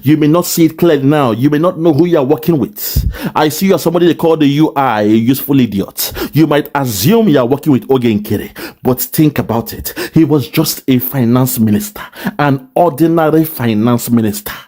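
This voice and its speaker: A man's voice: medium pitch, a little fast, warm tone. A man delivering an impassioned, preachy monologue that scolds a rival, repeating his points. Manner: preachy, repetitive, scolding, with mocking laughs. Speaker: online political commentator.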